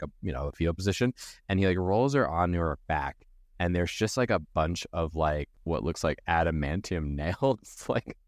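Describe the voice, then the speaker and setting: Deep-voiced man narrating a game. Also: dry recording, clean studio sound. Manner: loose, filler-heavy storytelling. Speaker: game master. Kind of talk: improvised tabletop role-play narration.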